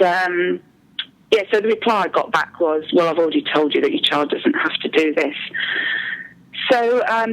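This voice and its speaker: A woman's voice: lowish voice, gravelly, rough recording. A mother speaking as an interview guest, telling her account hesitantly with frequent ums and restarts. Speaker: parent speaking anonymously as a guest.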